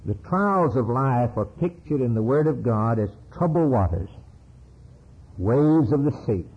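A man preaching a sermon with fervent, rhythmic delivery and sweeping rises and falls in pitch. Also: animated, measured pace, husky. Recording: dull lo-fi sermon recording.

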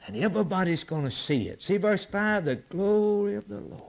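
Male preacher, very animated pitch, rhythmic revival-style sermon. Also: moderate pace, vocal fry, few pauses. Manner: impassioned, rising to near-shouts and dropping to whispers; repetitive, rhythmic preaching cadence.

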